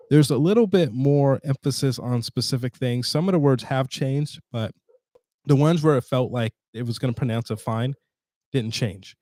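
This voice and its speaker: A man hosting a casual screen-share tutorial, chatty and halting with fillers and restarts, sounding tired. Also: mid-range voice, warm tone, no echo, studio quality. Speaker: tutorial host.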